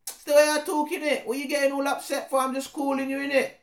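A man voicing a pushy young street lad who talks loud, with slang tags on every line, recorded in an echoey room. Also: extremely high pitch, level tone, fast, pitched above the performer's own voice. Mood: brash. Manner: loud, slangy, ends lines with "innit".

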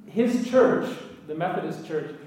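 Man, high voice, public talk to an audience, earnest, wry asides, far from the mic, very echoey hall. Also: expressive, measured pace, a little mellow. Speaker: speaker addressing an audience.

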